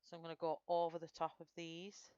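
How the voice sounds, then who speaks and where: A woman's voice: fairly low pitch, monotone, fairly quick, dark tone, smooth, no echo, muffled recording. A woman with a Northern English accent, chatting through a live colouring tutorial and answering viewers' comments as she works. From Northern England. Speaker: streamer.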